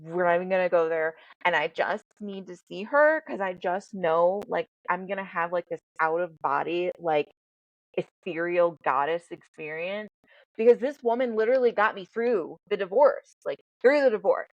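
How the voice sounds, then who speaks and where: A woman's voice: fairly low pitch, moderate pace, dry recording, dull audio. Blunt, profane woman podcast host. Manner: blunt, profane, animated storytelling. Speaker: host and life coach. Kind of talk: candid podcast conversation.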